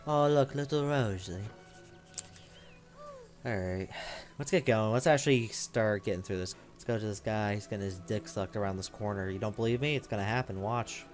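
A man's voice: fairly low pitch, fairly quick. A young man giving casual, joking commentary while playing a game, rambling and swearing, with game music behind him. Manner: rambling, crude, joking, mimics game lines. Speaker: let's play gamer. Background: game audio and music.

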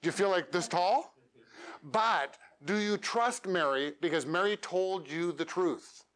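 A man's voice: sits high, unhurried, a bit bright. A man giving a live workshop talk to a meetup audience, coaching directly and ending his points with questions. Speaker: featured speaker.

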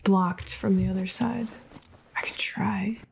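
A woman giving let's play commentary on a game, reacting out loud, swearing and laughing often, and yelping when startled. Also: medium pitch, fairly even intonation, takes it slowly, gravelly, background noise. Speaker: gaming video creator.

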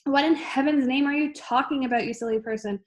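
A woman reading aloud, voicing a vain, blustering middle-aged father who shouts indignantly. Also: sits high, steady tone, fairly quick.

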